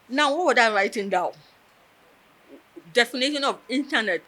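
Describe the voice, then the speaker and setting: A woman's voice: on the high side, expressive, fairly quick, fairly bright tone, rough recording. A woman telling a personal story in an interview, earnest and emotional, close to tears. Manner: earnest, emotional, tells with quoted dialogue.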